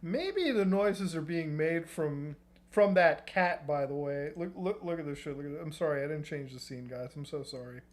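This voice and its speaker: A man's voice: fairly high pitch, expressive, normal speed, a little hiss or hum. A man streaming, ranting casually in a rambling, profane and joking way. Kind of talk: casual reaction-stream rant.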